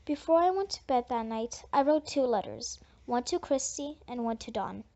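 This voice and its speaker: A woman reading a children's audiobook in first person, in a plain, even way. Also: a little high, normal speed. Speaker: audiobook reader. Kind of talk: first-person storybook narration. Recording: dull lo-fi audiobook recording.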